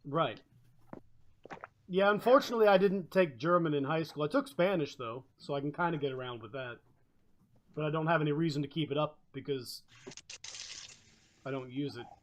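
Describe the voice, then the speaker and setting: A man's voice: a little high, moderate pace, pauses often. A man from the United States hosting a stream in a joking, casual chat. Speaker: stream host.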